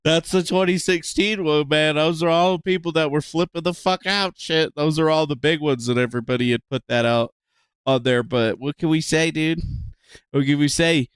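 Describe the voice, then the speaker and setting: A man hosting a livestream, giving casual, profane, excitable commentary and laughing often. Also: on the high side, moderate pace, smooth, dry recording. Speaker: livestream host.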